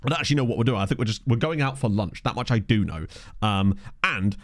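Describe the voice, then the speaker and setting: Chatty man with a lively voice. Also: lowish voice, fast talker. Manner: rambling, self-deprecating banter with chat. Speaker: gaming streamer. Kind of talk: casual chat over a game. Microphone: desk condenser microphone.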